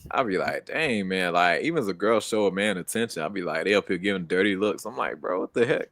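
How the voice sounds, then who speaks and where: A man's voice: low voice, fast talker, a bit bright. A young American man co-hosting a casual streamed chat, laid-back and slangy, laughing often. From United States. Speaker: co-host.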